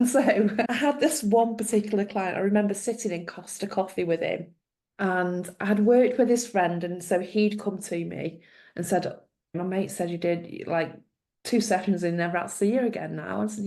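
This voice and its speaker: A middle-aged woman tells a story with a gravelly, mellow voice. She slips into the people she quotes as she goes. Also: lowish voice. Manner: animated storyteller, acts out quoted dialogue. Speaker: guest, former social worker. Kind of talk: storytelling in a conversation.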